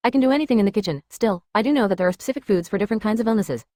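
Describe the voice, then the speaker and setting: A woman's voice: medium pitch, lively intonation, rapid-fire, darkish tone, no room sound, studio quality, close to an everyday voice. A woman voicing a grumpy, devoted young male ship's cook who talks firmly, with a fussy edge.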